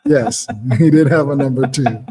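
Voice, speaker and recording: A man's voice: mid-range voice, normal speed, dark tone. A man co-hosting a podcast in casual chat, laid-back and full of joking asides. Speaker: podcast co-host.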